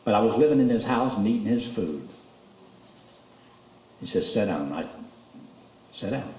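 Male preacher, lively storyteller, roomy church sound from a distance. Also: normal speed, slight background noise. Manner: storytelling, animated, rises high when emotional. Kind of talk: sermon testimony.

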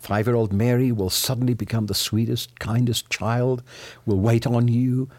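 A man's voice: steady tone, moderate pace, a little mellow, no room sound. A man speaking as a psychologist guest in an interview, explaining earnestly with his voice rising and falling widely. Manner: earnest, explanatory, voice swooping high and low. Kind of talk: radio interview.

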